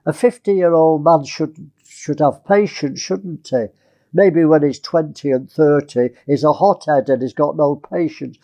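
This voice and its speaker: A man's voice: a little high, a little slow, warm tone. A male preacher giving a conversational sermon, asking his listeners rhetorical questions.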